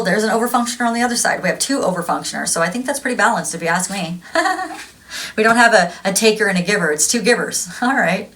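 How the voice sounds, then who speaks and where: A woman's voice: medium pitch, fairly bright tone, rough recording. A woman giving a casual tarot reading, chatty and gushing, laughing often. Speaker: tarot reader.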